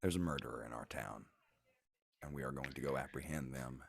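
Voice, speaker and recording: A man narrating a tabletop game as game master, in a relaxed, casual way with fillers. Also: extremely low pitch, a little fast, gravelly, no echo, clean studio sound.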